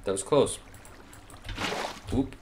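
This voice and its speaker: A man giving let's play commentary, excitably talking to the game's items and swearing playfully. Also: takes it slowly, music in the background. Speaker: gaming YouTuber.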